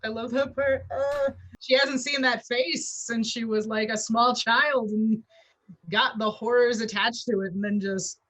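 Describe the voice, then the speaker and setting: A woman's voice: a little high, fairly even intonation, measured pace, fairly bright tone, no room sound, rough recording. A woman guest on a video-call interview, speaking with enthusiasm in a loose, casual way. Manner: enthusiastic, loose with fillers and restarts. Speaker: game writer and interview guest.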